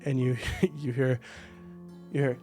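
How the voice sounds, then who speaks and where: A man's voice: mid-range voice, level tone, slow pace, warm tone, soft background music. A man narrating a tabletop game as game master, in a loose, hesitant style.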